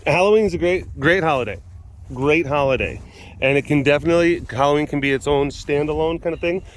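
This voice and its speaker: In this casual vlog, a big cat keeper and show host talks to his animals in baby-talk, playful and cooing. He speaks fairly quickly in a fairly high voice, with slight background noise.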